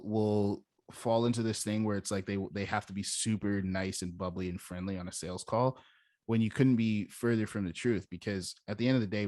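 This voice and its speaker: A young man with a somewhat low voice coaches sales skills in an easygoing, emphatic style, acting out lines to show how stress changes meaning. The sound is dry and close, with little room echo. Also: a little mellow. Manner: emphatic, demonstrates phrasings by stressing different words. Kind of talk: casual instructional talk.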